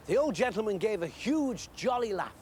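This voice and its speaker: Expressive male storybook narrator. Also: high voice, normal speed, a little hiss or hum. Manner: expressive and animated. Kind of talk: storybook reading.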